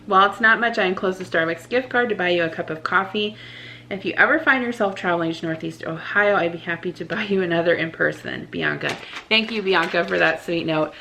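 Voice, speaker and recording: A woman's voice: on the low side, brisk, creaky, bright, forceful tone, slight background noise. A woman in her thirties, a vlogger reading out viewer cards in a chatty, giggly way that rambles and restarts.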